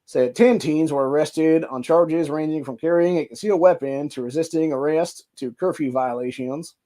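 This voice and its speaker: Host, male, Ohio accent, reads news aloud then rants hot and crude; voice sits a bit high. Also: moderate pace, mellow. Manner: heated, profane ranting between stretches of reading. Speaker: podcast host. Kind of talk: reading news articles aloud with profane commentary.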